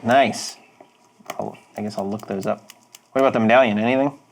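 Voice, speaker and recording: A man's voice: on the low side, brisk, gravelly, slight background noise. A man playing a tabletop game, joking around playfully. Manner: playful, jokey. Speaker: player.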